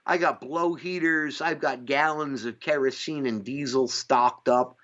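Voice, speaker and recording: A man's voice: mid-range voice, unhurried, fairly bright tone. Rambling man from upstate New York, lo-fi. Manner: rambling, profane, lots of fillers. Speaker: podcast host. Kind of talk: casual chat. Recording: dull lo-fi sound.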